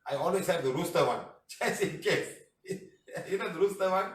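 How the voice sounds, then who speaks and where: A man's voice: high voice, expressive, normal speed. A man with a Malaysian English accent teaching a casual class, reading out messages and joking with a chatty, laughing manner. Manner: jokey, chatty, repeats "madam" and "huh", laughs often. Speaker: healing teacher answering testimonials. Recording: echoey room, voice somewhat far from the mic.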